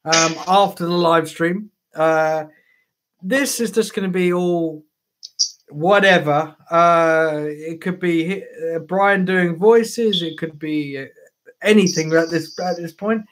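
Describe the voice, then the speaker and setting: A man's voice: a little high, takes it slowly, fairly bright tone. A man hosting a casual live stream, rambling with fillers and laughing often. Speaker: host.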